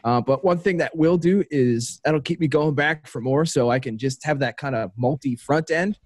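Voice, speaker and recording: A man's voice: a little high, moderate pace, a little mellow, no echo, studio quality. A man co-hosting a podcast over a video call, laid-back and laughing easily as he steers the conversation. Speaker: podcast co-host. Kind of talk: casual podcast chat. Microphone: remote video call.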